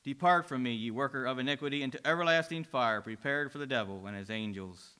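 A man's voice: mid-range voice, quick pace, bright, forceful tone, smooth, pitched below the performer's own voice, natural voice. A man voicing a solemn divine judge who declares a sentence of doom.

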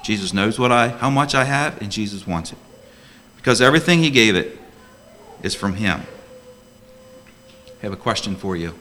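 Bright-voiced deacon preaching a sermon. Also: male voice, lowish voice, animated, moderate pace, long pauses, slight background noise. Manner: earnest, rhetorical questions, emphatic. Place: church before a congregation.

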